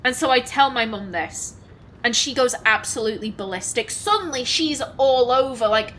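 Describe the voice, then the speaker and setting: A woman telling a personal story in an emotional, halting way. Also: fairly high pitch, fairly bright tone, slight background noise, low-quality recording. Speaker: gaming channel host.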